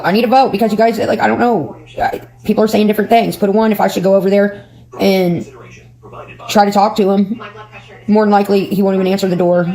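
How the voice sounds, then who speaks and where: A woman's voice: fairly low pitch, gravelly, mellow, rough recording. A woman rambling and venting to her livestream chat in a casual, profane way.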